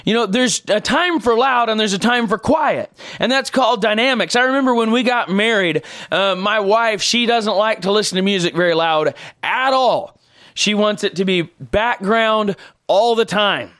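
A man's voice: sits high, normal speed, a bit bright. A middle-aged man preaching a sermon, emphatic and repetitive, drawing on everyday examples.

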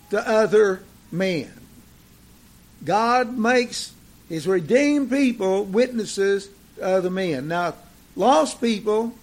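An older man preaching a sermon to his congregation, deliberate and repetitive, with occasional fillers. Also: high voice. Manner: slow, deliberate preaching with repeated phrases and fillers.

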